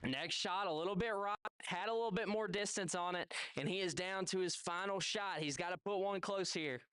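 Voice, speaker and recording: A man's voice: sits high, normal speed, a bit bright, clean tone, dry recording. A man with a Southern US accent hosting a live golf competition, giving chatty play-by-play and chatting with contestants. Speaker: event host. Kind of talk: live event commentary. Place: outdoor golf event.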